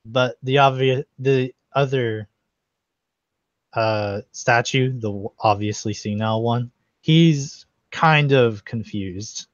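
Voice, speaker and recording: A man's voice: mid-range voice, slow, no room sound. A man narrating as game master, rambling with many filler words. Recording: dry, slightly muffled recording.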